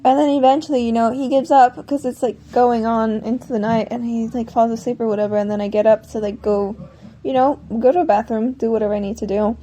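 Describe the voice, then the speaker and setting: Woman, vlogger, casual storytelling, rambling, corrects herself, higher voice, mellow warm tone. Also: steady tone, fast.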